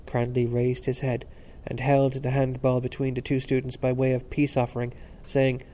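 Man narrating with a mellow voice. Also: medium pitch, slight background noise. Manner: steady, measured reading. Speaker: audiobook narrator. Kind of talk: scripted narration.

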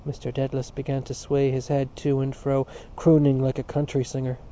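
A man reading a literary novel aloud in measured, even narration, on a dull recording with faint hiss. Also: mid-range voice. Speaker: audiobook narrator.

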